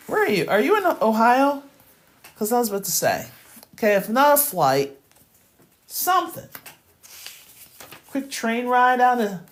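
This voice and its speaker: A woman hosting a math channel drifts into a casual, animated rant, laughing often and reacting to her live chat. Her pitch swings widely as she talks. Faint music plays underneath. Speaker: math teacher and channel host.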